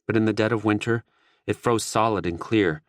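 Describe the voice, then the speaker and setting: Male audiobook narrator, first-person, steady wry delivery, lowish voice, dry close sound. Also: normal speed, no echo.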